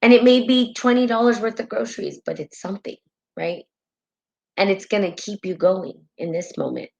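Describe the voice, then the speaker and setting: A woman's voice: medium pitch, moderate pace, creaky, a little mellow, muffled recording. A woman hosting a spiritual live stream in casual talk, heartfelt and rambling, often tagging her sentences with "right?", and tearful at times.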